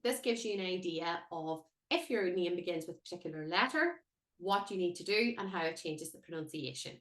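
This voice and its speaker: A woman teaching a language lesson, modelling each word slowly and carefully. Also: lowish voice, animated, fairly bright tone. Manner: careful, lilting, drawn-out modelling of words. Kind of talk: slow instructional lesson with repetition. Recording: echoey room.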